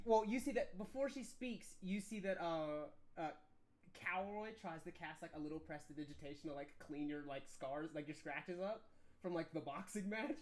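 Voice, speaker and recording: A woman's voice: lowish voice, a little mellow. A woman narrating as game master of a tabletop game, giggly and rambling with many fillers.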